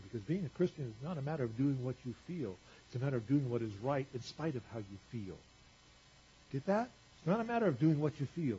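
A male pastor preaching a sermon to a congregation, talking conversationally with rhetorical questions and swinging from loud to quiet. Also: mid-range voice, slightly rough. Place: church. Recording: dull lo-fi church recording.

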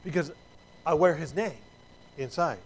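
A man's voice: fairly high pitch, unhurried, breathy edge, rough recording. A middle-aged man preaching a sermon in a conversational way, with asides and restarts and emphatic peaks. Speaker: pastor.

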